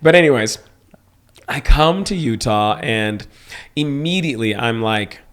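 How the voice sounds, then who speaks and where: Young man, from Texas, podcast co-host, casual storytelling, animated, jokey. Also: a little slow, clear, resonant tone. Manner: animated storyteller, swings into high mocking voices for quotes. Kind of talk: casual chat.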